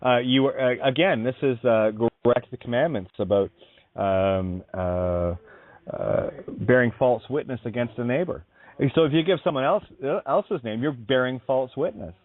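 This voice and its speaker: A man's voice: medium pitch, moderate pace, no room sound. A man hosting a spiritual talk radio show, effusive and rambling, calling his guest honey. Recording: dry tinny phone-like line.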